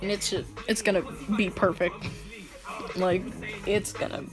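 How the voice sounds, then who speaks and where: A woman's voice: medium pitch, flat delivery, unhurried, music in the background. Woman casually telling a slangy story. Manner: slangy, joking, often laughing. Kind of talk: casual fan-fiction storytelling.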